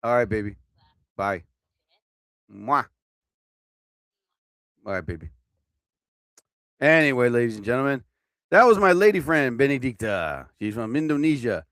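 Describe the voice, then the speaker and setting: Lively-voiced man rambling on a live stream. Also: medium pitch, unhurried, long pauses, no echo, studio quality. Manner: rambling, swearing and laughing at his own jokes. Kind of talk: casual live stream chat.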